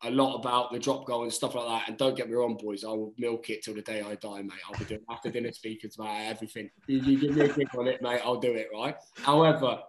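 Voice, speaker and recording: A man's voice: medium pitch, quick pace, hardly any pauses, roomy sound, slight background noise, poor audio. A man, a rugby player, telling a story in casual chat, swearing freely and acting out quotes, calling everyone mate. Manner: animated, acts out quotes.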